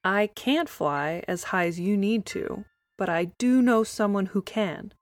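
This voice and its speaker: A woman voicing a calm, wise old raven in a storybook, speaking with fussy gentleness. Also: medium pitch, a little slow, no echo, faint music behind, close to an everyday voice. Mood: calm advising. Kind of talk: storybook voice acting.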